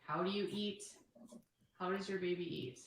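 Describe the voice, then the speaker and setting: A woman's voice: on the low side, fairly even intonation, moderate pace, a crowd in the background. Chatty woman on a roomy livestream. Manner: chatty, counting off numbers. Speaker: livestreamer running a poll. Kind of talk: casual livestream chat. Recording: roomy livestream audio with faint noise.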